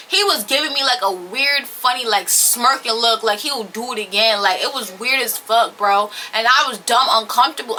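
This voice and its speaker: Young woman vlogger, very bright, slightly high voice, animated and slangy storytelling, on a camera mic. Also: slight background noise. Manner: animated, profane, slangy, emphatic. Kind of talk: casual storytime chat to camera. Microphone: camera or phone on-board mic.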